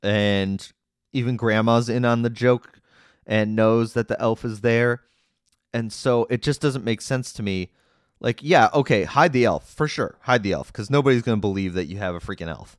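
A man's voice: on the low side, normal speed, no room sound, studio quality. A man recapping a movie in a casual, chatty way, skeptically picking at its plot holes. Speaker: movie reviewer.

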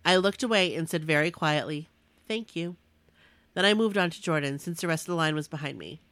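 A woman's voice: deep voice, fast, a bit bright, no room sound. A young woman reading her own emotional fan story aloud, earnest, with asides and restarts. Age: young adult.

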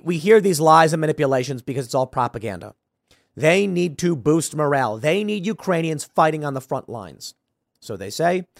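A man's voice: a little high, dry recording, studio quality. Incredulous man ranting on politics. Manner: incredulous, ranting, mocking impressions. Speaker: political commentary host. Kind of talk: political commentary.

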